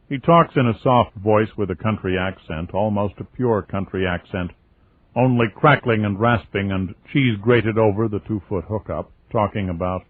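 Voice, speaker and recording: A man reading a first-person novel aloud as an audiobook, in a steady, wry storytelling manner. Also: on the low side, normal speed, dry recording. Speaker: audiobook narrator. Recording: tinny lo-fi phone-like audio.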